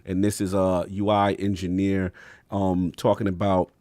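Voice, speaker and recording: A man's voice: low voice, a little slow, dry recording. A man hosting a gaming podcast, running through news with frequent fillers and hyping up his friends. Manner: lively, hypes friends, reads news with fillers. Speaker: podcast host. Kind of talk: casual podcast news rundown.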